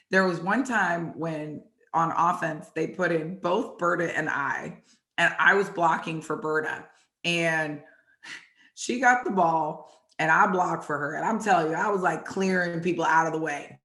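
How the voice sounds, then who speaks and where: A woman hosting and telling animated stories about her football days, acting out the lines people said. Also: low voice, a little slow. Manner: animated, acts out quotes from the story. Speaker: host and former football player. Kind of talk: storytelling chat. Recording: echoey room.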